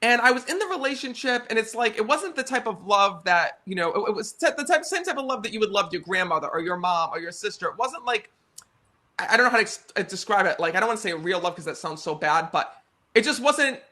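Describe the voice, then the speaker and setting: A man's voice: high voice, expressive, quick pace, sharp tone. A man in his thirties with an American accent, earnestly telling personal stories to a live audience, often checking in with "right?" and "you know.". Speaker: psychic medium guest. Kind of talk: casual storytelling conversation.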